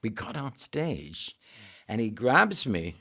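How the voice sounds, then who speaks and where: An older man, an actor, telling lively stories in an interview and acting out the voices. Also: on the low side, slow, gravelly, breathy edge. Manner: animated, acts out voices in his stories. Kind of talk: anecdotal interview storytelling.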